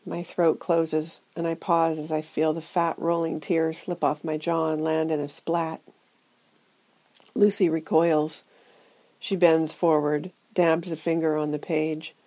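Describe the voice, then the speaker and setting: A woman reading a first-person novel aloud in a hushed, intimate, measured way. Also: sits low, flat delivery, rough recording. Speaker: audiobook narrator. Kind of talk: first-person literary narration.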